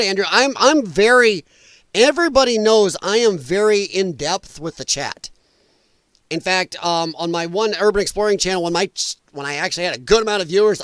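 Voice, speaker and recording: A man hosting a casual political commentary livestream, rambling and quick to laugh while he reads the chat. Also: sits high, fairly bright tone, no echo, clean studio sound. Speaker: livestream host reading chat.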